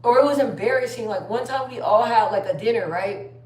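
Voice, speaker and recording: A woman's voice: a little high, a little fast. Chatty woman livestreaming from across a room. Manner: chatty storytelling, reads viewer comments aloud. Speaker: livestream host. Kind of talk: casual livestream chat. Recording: roomy sound, distant from the mic.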